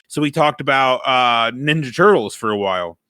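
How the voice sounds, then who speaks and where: Animated laughing man, bright voice. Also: medium pitch, moderate pace, clear, resonant tone, no echo, studio quality. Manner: animated storyteller, swears freely, laughs often. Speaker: podcast co-host. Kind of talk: casual chat.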